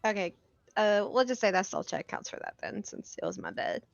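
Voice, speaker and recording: A woman's voice: medium pitch, huge pitch swings, a little fast, vocal fry, no echo, lo-fi sound, soft background music. A woman running a tabletop game as game master, narrating casually with lots of "like" fillers.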